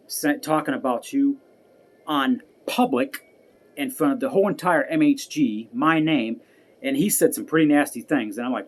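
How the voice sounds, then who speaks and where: A man sits alone venting to his viewers in a heated, profane rant. He repeats his points and swears often, and his tone never settles into calm. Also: mid-range voice, normal speed. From United States. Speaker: vlogger. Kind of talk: angry personal rant to camera.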